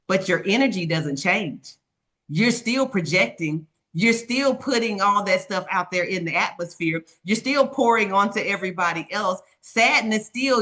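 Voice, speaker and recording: A woman's voice: fairly low pitch, sharp tone. A middle-aged woman, a life coach and author, sharing her story earnestly in an interview and repeating affirmations while speaking straight to her listeners. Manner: earnest, repetitive affirmations, addresses listeners directly. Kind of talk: personal testimony in an interview.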